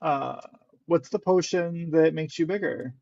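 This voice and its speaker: Male tabletop player, halting and joking, gravelly, muffled mic. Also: on the high side, darkish tone, no room sound. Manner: hesitant, lots of ums and restarts, laughs. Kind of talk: playing a tabletop game.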